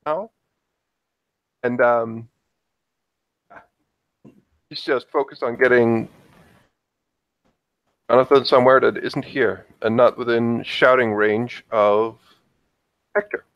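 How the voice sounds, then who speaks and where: A man's voice: medium pitch, fairly even intonation, slow, long pauses, no echo, dull audio. A man playing a tabletop role-playing game, describing his character's actions in a hesitant way with many fillers and restarts. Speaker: player.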